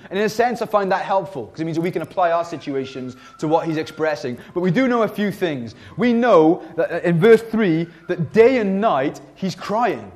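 Man, high voice, preacher, sermon, conversational, emphatic, fillers and restarts. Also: a little mellow. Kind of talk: sermon with scripture reading.

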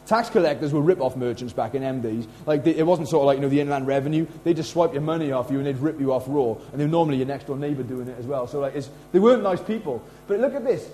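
A middle-aged man preaches in a chatty, animated way, often acting out quotes. His voice sits fairly high for a man but sounds mellow and soft-edged. A faint mains hum runs behind him. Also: rough recording. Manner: casual, animated preaching with lively acted quotes. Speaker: pastor. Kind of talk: sermon.

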